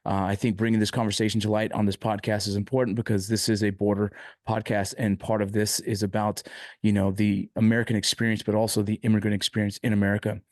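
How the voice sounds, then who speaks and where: A man hosts a podcast and speaks with emotion and frustration, often breaking off and restarting. His voice sits a little low. The sound is dry and close, with no room echo. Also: flat delivery, quick pace, darkish tone. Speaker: podcast host. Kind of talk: podcast interview.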